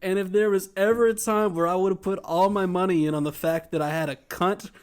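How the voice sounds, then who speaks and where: A man hosting a comedy podcast, telling crude stories loudly with deadpan punchlines. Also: sits high, a little fast, clean tone. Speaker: podcast host. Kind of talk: comedic casual chat and storytelling.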